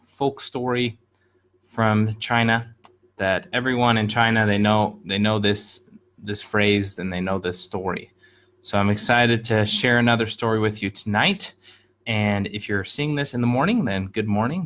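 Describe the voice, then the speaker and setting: A man tells a folk tale on a casual live stream, upbeat and chatty. His voice sits at an ordinary middle pitch for a man. He stops now and then to explain a word and points at pictures as he goes. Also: fairly bright tone. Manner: narrates over pictures he points at. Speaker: host telling Chinese fables.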